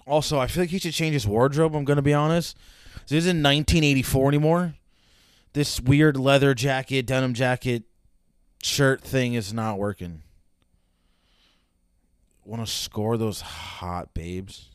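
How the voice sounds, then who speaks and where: A man's voice: mid-range voice, measured pace, pauses often, clean tone, dry recording, studio quality. A young man giving casual, sarcastic reaction commentary with heavy swearing and rambling asides. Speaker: reaction video host.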